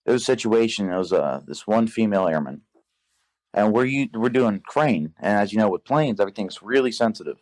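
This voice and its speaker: A young man telling a work story in casual podcast chat, profane and animated, acting out the dialogue. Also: on the low side, fairly quick. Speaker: podcast guest.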